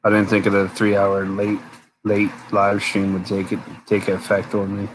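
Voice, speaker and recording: A weary man talks loosely on a late live stream, his low voice staying flat and even. He rambles and answers viewers as he goes, and a faint hum of ambience sits behind him. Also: moderate pace, low-quality recording. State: tired, yawning. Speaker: homesteader live-stream host. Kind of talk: casual live-stream chat.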